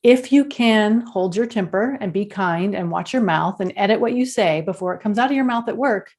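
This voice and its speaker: A woman's voice: mid-range voice, moderate pace, darkish tone. A woman who coaches others on communication, a guest in an interview who makes her points in firm, emphatic statements. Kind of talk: interview guest, advice-giving.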